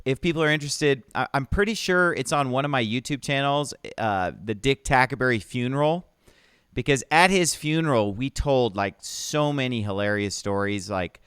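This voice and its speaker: A man with a smooth, resonant voice talks casually on a live show. The sound is dry and close, and he often stops and restarts his sentences. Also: mid-range voice, normal speed, fairly bright tone, dry recording. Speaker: pastor, guest on show. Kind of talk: casual chat.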